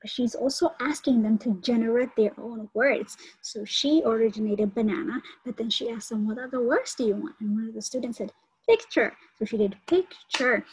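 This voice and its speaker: A woman's voice: a little high, fairly even intonation, fairly quick, few pauses, breathy edge, low-quality recording. A woman lecturing online about teaching methods, explaining step by step and repeating key points. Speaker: college instructor.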